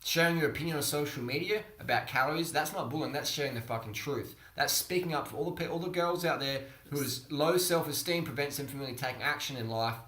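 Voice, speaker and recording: A man's voice: a little high, fast talker, hardly any pauses, bright, forceful tone. A young man co-hosting a vlog in casual chat, talking bluntly and swearing a lot. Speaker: vlog co-host. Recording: echoey room.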